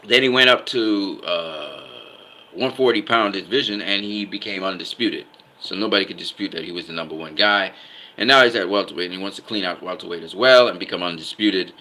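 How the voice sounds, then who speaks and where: A man's voice: deep voice, a little fast, pushed and bright, a little hiss or hum, rough recording. A man giving casual boxing commentary, emphatic, often repeating himself and stopping to ask "okay?".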